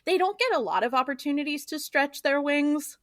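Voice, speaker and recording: A woman co-hosting a podcast, chatting casually about an episode in a lively, laughing way. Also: sits high, fairly quick, no room sound, clean studio sound. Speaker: podcast co-host. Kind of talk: casual recap chat.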